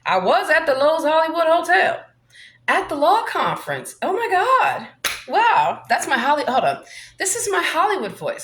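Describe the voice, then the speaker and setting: Brash woman vlogger, high and lively voice, roomy echo. Profane, swaggering monologue. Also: moderate pace. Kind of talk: rambling monologue vlog.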